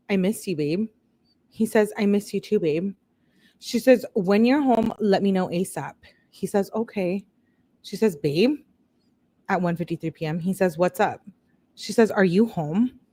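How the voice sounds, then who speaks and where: A woman's voice: mid-range voice, darkish tone. A woman hosting a true-crime video, reading text messages aloud in a casual way and breaking off to react and talk to her viewers.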